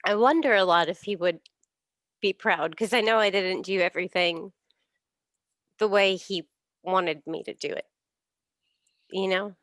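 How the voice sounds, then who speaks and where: Woman host, reflective and hesitant, mid pitch, dry close-miked sound. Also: a bit bright, no echo. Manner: thoughtful, halting, with light laughs. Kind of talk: casual heartfelt chat.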